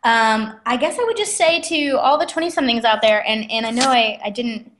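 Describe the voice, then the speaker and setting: A young adult woman, a guest author, telling stories in a chatty, animated way and laughing often. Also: fairly high pitch, a little fast. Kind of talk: casual interview storytelling. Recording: roomy echo.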